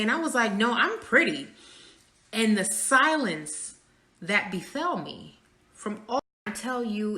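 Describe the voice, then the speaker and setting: A woman's voice: medium pitch, sharp tone, reverberant. A woman giving a candid personal monologue, blunt and emphatic, swearing freely. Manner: blunt, frequent profanity, emphatic. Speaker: speaker sharing personal views.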